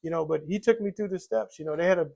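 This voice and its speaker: Older man, gravelly voice, somewhat high pitch, rambling personal testimony, lots of fillers. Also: fast, darkish tone. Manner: rambling, many "you know" fillers, acts out quoted voices. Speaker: recovering alcoholic telling his story.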